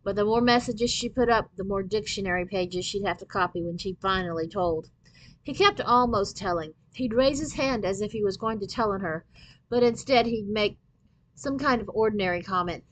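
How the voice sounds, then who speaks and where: Woman, storyteller, children's novel read-aloud, expressive, clear. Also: mid-range voice, moderate pace, rough recording.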